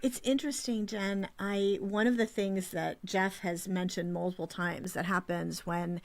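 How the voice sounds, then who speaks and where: A woman's voice: medium pitch, steady tone, unhurried. A woman hosting a podcast, talking casually, thinking aloud with restarts and quoted examples. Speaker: podcast host. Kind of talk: casual conversation.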